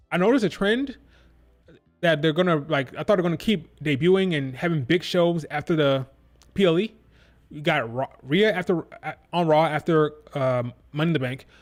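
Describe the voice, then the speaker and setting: A man hosting a wrestling review stream, ranting in a blunt, exasperated way and swearing casually. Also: fairly high pitch.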